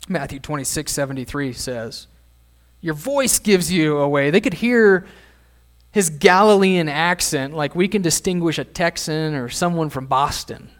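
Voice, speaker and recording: A man's voice: a little high, lively intonation, unhurried. A middle-aged man, a pastor, preaching a sermon in a conversational way and asking his listeners questions.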